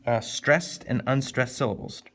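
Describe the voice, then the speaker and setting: A man teaching a casual, animated literature lesson, jumping up in pitch to stress points and slowing down to read poem lines. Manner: animated, conversational, with sudden lifts in pitch for emphasis; reads poem lines slowly and deliberately.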